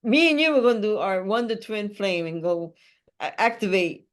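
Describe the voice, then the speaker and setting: A woman, a spiritual healer and host, talking in an animated, emphatic and playful way in a casual heartfelt conversation over a video call. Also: medium pitch, moderate pace.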